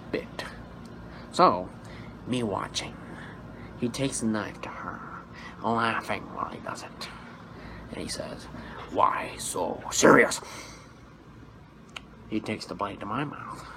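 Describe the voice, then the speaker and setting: An unhinged comic-book villain, as a man puts him on, menaces in a low, hissing half-whisper. Every so often he snaps into manic outbursts. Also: gravelly, heavily acted.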